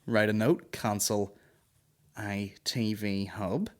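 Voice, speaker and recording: A man's voice: on the low side, steady tone, slow. A man hosting a comedy podcast, telling a story in an exasperated, sweary ranting way. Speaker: podcast host. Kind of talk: comic storytelling rant.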